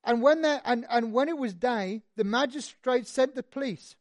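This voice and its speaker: In a dry recording, a preacher with a mid-range voice delivers an expository sermon at a moderate pace. He's conversational, poses rhetorical questions and retells the story with animation.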